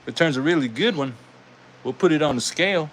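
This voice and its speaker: A man's voice: on the high side, expressive, a little hiss or hum. A man with a Southern US accent, hosting a live toy car race and giving casual, folksy commentary. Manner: folksy, drawn-out, says "y'all". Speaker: host racing toy cars.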